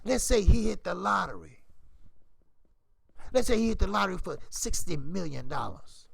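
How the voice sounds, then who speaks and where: A man's voice: high-pitched, moderate pace, creaky, breathy edge, dry recording. A man, older, hosting a boxing channel, giving casual opinionated commentary in a preachy, repetitive way. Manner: animated, preachy, repeats "you see?".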